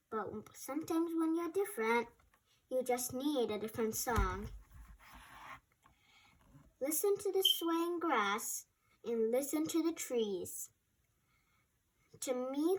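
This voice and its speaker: A woman voicing a kind, wise little male cricket in a storybook reading, gentle and encouraging. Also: high voice.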